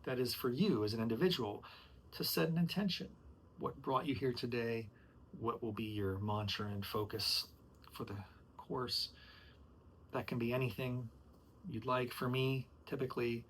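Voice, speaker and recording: A man hosting his own podcast, practicing how to lead a chair yoga class, with slow soothing cues broken by frustrated, joking asides where he swears and says "dude.". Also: medium pitch, a bit bright, a little hiss or hum. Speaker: podcast host rehearsing as yoga instructor.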